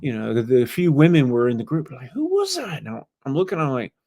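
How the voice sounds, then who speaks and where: A man's voice: medium pitch, fast talker, warm tone, no echo. A man from England, an author guest on a podcast, telling rambling stories full of asides. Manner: rambling, storytelling with fillers and asides. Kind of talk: casual interview storytelling.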